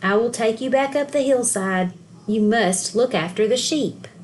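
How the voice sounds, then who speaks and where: A calm, serious father gives his son a quiet lesson, as a woman reading a storybook puts him on. The voice stays fairly high and steady, gently instructive rather than angry. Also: measured pace, slight background noise, lightly acted. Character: boy's father, calm and serious grown man. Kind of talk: children's storybook read-aloud.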